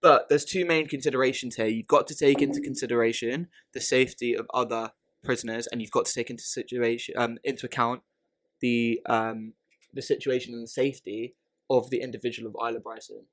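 A man's voice: medium pitch, fairly even intonation, brisk, a bit bright. A man co-hosting a podcast in casual chat, thinking aloud, repeating words and often checking "right?". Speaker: podcast co-host.

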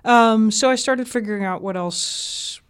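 A woman radio journalist from the American South, telling relaxed, chatty anecdotes as an interview guest. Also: on the high side, a little slow. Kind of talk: casual interview storytelling.

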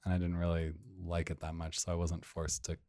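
A deep-voiced man in his thirties co-hosts a casual chat, reading out a news story and breaking off for amused asides. His voice sounds dry and close to the mic. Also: monotone, brisk, warm tone, no echo. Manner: amused, rambling, reads out news stories. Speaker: podcast co-host.

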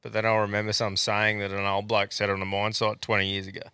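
An Australian man hosting a podcast, chatting casually with relaxed, sweary banter. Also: fairly low pitch, quick pace, clean tone, dry recording, clean studio sound. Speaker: podcast host. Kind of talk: casual chat.

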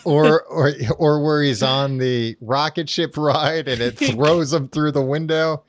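With a fairly high pitch and a measured pace, this male co-host rambles through a book recap on a podcast. The chat is casual, heavy with fillers and restarts, and he laughs often. It's a dry recording.

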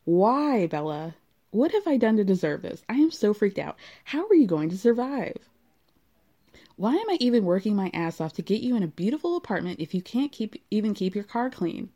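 A woman's voice: mid-range voice, dark tone, lo-fi sound. A woman voicing a frantic middle-aged mother who scolds her daughter, reading the letter in an overwrought, melodramatic way.

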